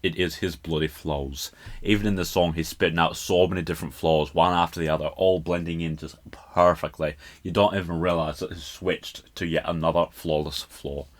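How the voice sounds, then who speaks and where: A Scottish man with a very low, deep voice hosts a casual podcast. He picks apart a song in a loose, chatty way and keeps breaking off to laugh at how his accent comes out. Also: fairly even intonation, normal speed. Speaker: podcast host.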